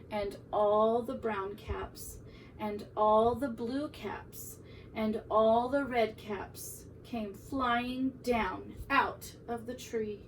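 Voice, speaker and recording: A woman teacher reading a picture book aloud to young children in an expressive, animated way. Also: a little high, very slow, far from the mic, slight background noise, rough recording. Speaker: preschool teacher.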